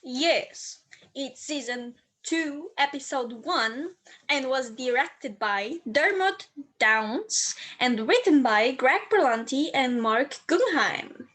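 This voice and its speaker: A woman's voice: sits high, lively intonation, slow, a bit bright. A woman co-hosting a fan podcast in English, her second language after German, hesitant and searching for words. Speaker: podcast co-host. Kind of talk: casual podcast chat.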